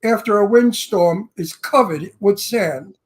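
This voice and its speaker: A man's voice: high voice, unhurried. A man with a New York accent co-hosting a casual celebrity interview, talking bluntly and brashly. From Brooklyn, New York. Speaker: co-host.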